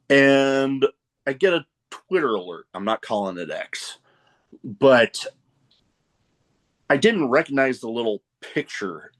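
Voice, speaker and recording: A male podcast host in easygoing conversation. He speaks at a slow, unhurried pace and laughs often. His stories wander through loose asides. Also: mid-range voice. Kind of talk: casual interview chat.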